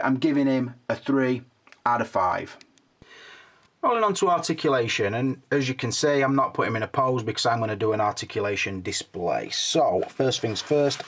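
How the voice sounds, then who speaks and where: Chatty older man reviewing toys. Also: mid-range voice. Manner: chatty and frank, swears casually. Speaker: toy collectible reviewer. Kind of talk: casual hands-on product review.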